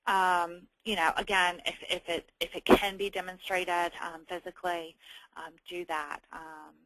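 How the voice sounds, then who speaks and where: A woman in human resources talks through a webinar in a loose, conversational way. Her voice is bright and clear, recorded dry and close. She fills her pauses with ums and often restarts a phrase. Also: fairly low pitch, level tone, no echo, poor audio. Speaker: HR manager presenting a webinar.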